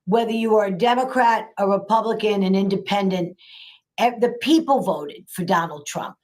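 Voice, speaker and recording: Older new lady guest, average pitch, hammers her points home over and over. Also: moderate pace, a little mellow. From New York, USA. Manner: emphatic, repeats phrases for effect. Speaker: guest, local politician. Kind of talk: casual political chat.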